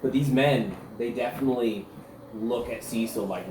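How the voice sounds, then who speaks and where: A man's voice: medium pitch, moderate pace, noisy background. A man as game master narrating a tabletop game in a loose, descriptive way, with frequent filler words. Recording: echoey room with faint ambience.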